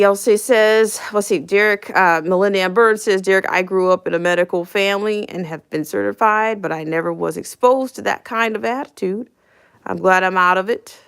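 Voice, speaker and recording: A woman's voice: fairly low pitch, vocal fry, clean tone. A woman in her fifties hosting a casual live stream, reading viewer comments aloud, chuckling often and repeating phrases for emphasis. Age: 50s.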